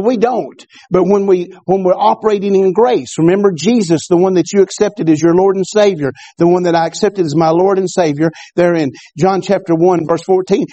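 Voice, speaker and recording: A man preaches a sermon in church. He often stumbles over repeated words and calls out to the congregation for agreement. His voice sits a little high but sounds mellow, and the recording is dry and close. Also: no room sound. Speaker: pastor.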